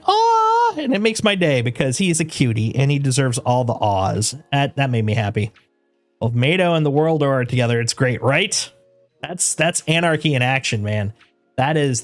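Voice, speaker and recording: A man chatting casually on his game livestream. He rambles with restarts and laughs, and coos at his dog in doting baby talk. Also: mid-range voice. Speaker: game streamer.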